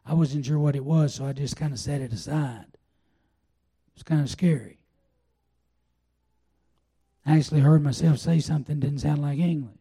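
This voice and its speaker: Older preacher guy, deep dark tone, kinda raspy, telling his testimony slow and homey. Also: fairly even intonation. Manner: folksy storytelling, drawn-out pauses. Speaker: pastor. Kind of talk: sermon with personal testimony.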